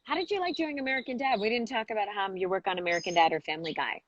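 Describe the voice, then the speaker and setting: A woman's voice: mid-range voice, very fast, a bit bright, no room sound, dull audio. A woman hosting a podcast interview, friendly, reading out listener questions. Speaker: podcast host. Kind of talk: casual interview chat.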